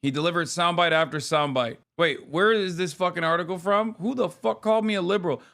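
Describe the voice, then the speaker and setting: A man's voice: high voice, fairly quick, vocal fry, a bit bright. A man in his thirties, a streamer doing live reaction commentary on politics, ranting in a profane, sarcastic way.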